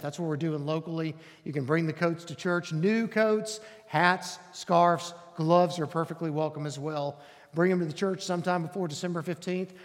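A man, a pastor making an earnest, inviting announcement to his congregation in a church sanctuary. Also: on the high side. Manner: earnest, inviting, emphatic repetition. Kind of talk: announcement from the pulpit. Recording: long hall reverb.

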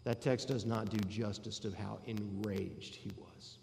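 Gravelly-voiced preacher in a reverberant hall. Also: male voice, fairly low pitch, steady tone, measured pace, a little mellow, slight background noise. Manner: conversational, rhetorical questions to the congregation. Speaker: pastor. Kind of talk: sermon.

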